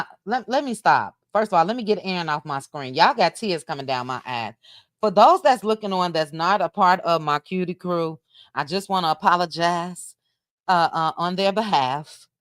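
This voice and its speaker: A woman's voice: on the low side, a bit bright, dry recording, studio quality. A middle-aged woman hosting a casual late-night livestream chat at home, laughing and teasing as she reads her viewers' comments. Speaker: livestream host reading chat.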